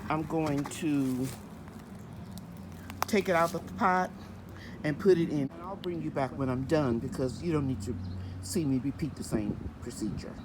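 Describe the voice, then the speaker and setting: A woman's voice: low-pitched, moderate pace, pauses often, noisy background. A woman hosting a gardening vlog outdoors in her home garden, chatting and explaining each step as she works. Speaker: gardening channel host. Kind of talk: casual vlog narration.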